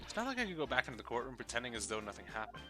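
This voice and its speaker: A man's voice: medium pitch, big pitch swings, very fast, over music, lightly acted. A man voicing a teasing, flippant young woman while reading a video game aloud on a live stream. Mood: dismissive. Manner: mocking, flippant.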